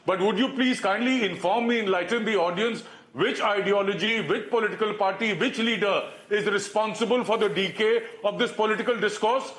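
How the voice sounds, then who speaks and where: A man's voice: high voice, a little fast, fairly bright tone. A man speaking as a party spokesperson in a heated TV debate, combative and firing off rhetorical questions. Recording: echoey remote line.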